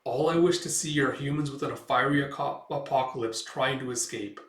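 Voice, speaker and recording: A man voicing a cruel, cold-hearted male baron who speaks with quiet menace, recorded with a roomy sound. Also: mid-range voice, brisk, far from the mic, lightly acted. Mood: menacing.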